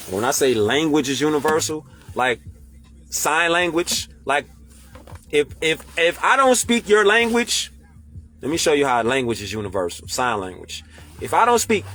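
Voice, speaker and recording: Animated, preachy man with slang. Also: a little high, slight background noise. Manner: emphatic, rhetorical questioning, slangy and profane. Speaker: online commentator. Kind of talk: casual monologue.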